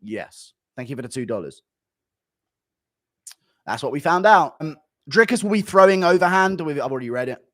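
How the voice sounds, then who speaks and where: A man's voice: a little high, very animated, a bit bright, no echo, studio quality. Blunt man reacting to chat. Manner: blunt, rapid-fire verdicts, dismissive. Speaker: streamer.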